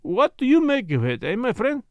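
A man's voice: very high-pitched, huge pitch swings, normal speed, no room sound, muffled recording, pitched above the performer's own voice, heavily acted. A man voicing a fussy, shrewd older Belgian detective in a storybook reading, with precise, formal speech. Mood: triumphant.

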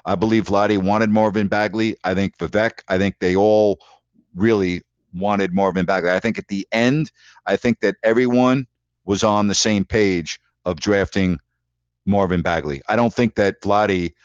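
A low-pitched man hosts a casual call-in chat, blunt and emphatic, often saying a point twice. His voice is dry and close. The audio is dull and lo-fi, like an online audio stream. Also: fairly even intonation, normal speed, smooth, no room sound. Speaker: show host.

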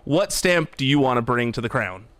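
A man hosting a podcast, asking questions in a relaxed, friendly way. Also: mid-range voice, normal speed. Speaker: podcast host. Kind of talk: casual interview questions.

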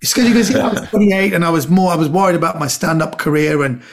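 A man's voice: on the high side, quick pace. A middle-aged man, a comedian guest on a podcast, chatting casually and telling rambling stories, acting out the quotes.

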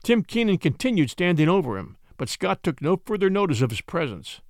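A man narrating an adventure story aloud in an expressive, dramatic reading. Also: high-pitched, fairly quick, no echo, studio quality. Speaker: audiobook narrator.

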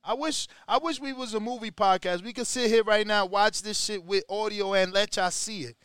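A man hosting a casual podcast, talking with animated, slang-heavy, profane energy. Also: high-pitched, normal speed, clear, resonant tone, no echo, clean studio sound. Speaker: podcast host.

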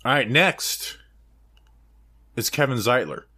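A man hosting a podcast, introducing archive clips in a relaxed, casual way. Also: medium pitch, slow, breathy edge. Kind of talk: casual chat.

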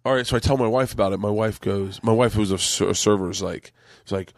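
A middle-aged man, a podcast host and comedian, tells a long rambling story in casual chat, swearing freely and acting out what others said. He speaks fast in a lowish voice, and the recording is dry.

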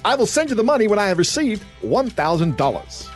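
A man voicing a friendly ordinary guy stringing along a scammer, in a deliberately bad Australian accent. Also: high voice, big pitch swings, soft background music, voice pushed up. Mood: breezy.

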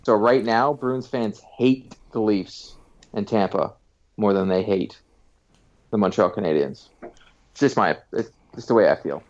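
A man's voice: fairly low pitch, a little slow, darkish tone. A man co-hosting a hockey podcast, giving strong opinions and jokes in casual chat. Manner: opinionated, joking. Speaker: podcast co-host. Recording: slightly dull lo-fi audio.

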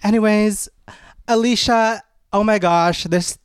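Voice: medium pitch, steady tone, slow pace, clear, resonant tone, no echo, clean studio sound. A podcast host in casual chat, playful, reading listener questions.

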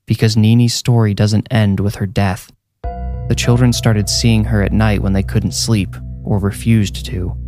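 A man's voice: lowish voice, little pitch movement, a little slow, darkish tone, no echo, faint music behind. A man voicing a grave, haunted mother. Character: worried mother, adult woman, haunted by her past.

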